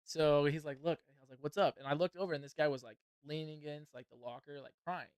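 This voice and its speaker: A man's voice: on the high side, fast talker, clear, resonant tone, no echo. Young man telling a rowdy story. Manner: profane, laughing, excited storyteller. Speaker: podcast host. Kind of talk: casual storytelling and fight commentary.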